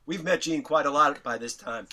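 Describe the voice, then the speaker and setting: Telling a story in an interview, a middle-aged New Yorker gets animated, playing out quotes with big pitch jumps and dropping casual swears. He speaks at normal speed with a sharp tone, and there's slight background noise.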